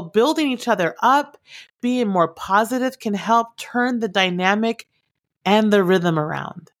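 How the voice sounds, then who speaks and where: Woman, relationship advice talk, direct and earnest, slight fry in her voice. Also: medium pitch, fairly bright tone. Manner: direct, earnest, repeats key points for emphasis.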